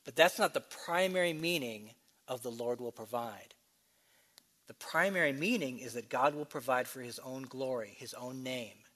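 A man preaching a sermon, explaining scripture with quick asides and slow, emphatic readings. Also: mid-range voice, fairly bright tone. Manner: expository teaching, shifts between brisk asides and slow emphatic reading.

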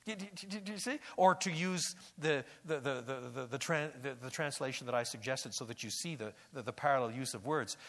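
A man's voice: mid-range voice, fairly quick, hardly any pauses, fairly bright tone. A man giving an expository Bible lecture, repeating and restarting words and rising to emphatic peaks. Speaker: Bible teacher.

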